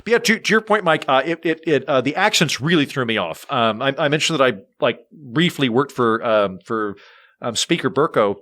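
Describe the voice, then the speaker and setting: Animated American man, bright voice. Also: medium pitch, normal speed. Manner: animated, rambling, jokey, with frequent restarts. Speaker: podcast guest, comedian. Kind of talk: casual chat.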